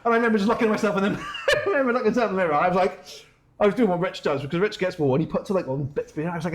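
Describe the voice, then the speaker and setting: A man's voice: high-pitched, huge pitch swings, very fast, noisy background. A man with a Welsh accent, co-hosting a podcast, telling a running story with lots of swearing and laughter. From Wales. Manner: swears a lot, laughs while telling stories. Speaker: podcast co-host. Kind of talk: casual chat.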